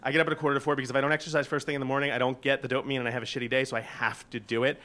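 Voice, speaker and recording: A man in his forties telling a funny personal story, animated and profane, often laughing. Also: medium pitch, rapid-fire. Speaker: guest storyteller.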